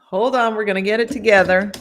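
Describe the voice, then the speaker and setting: A middle-aged woman reading her own book on a live stream and chatting warmly with viewers between passages. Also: medium pitch, steady tone, fast, slight background noise. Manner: warm, gushing, chats with viewers between passages.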